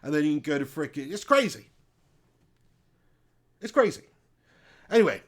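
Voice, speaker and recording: A man's voice: fairly high pitch, big pitch swings, normal speed, long pauses. Brief: man, live football stream host, casual jokey banter and running commentary. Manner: jokey banter, laughs often, reads chat aloud.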